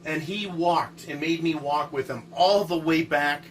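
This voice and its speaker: A man telling his own encounter story in a casual, animated way, repeating words and often asking "right?". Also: a little high, measured pace, distant mic, rough recording. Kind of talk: casual first-person storytelling.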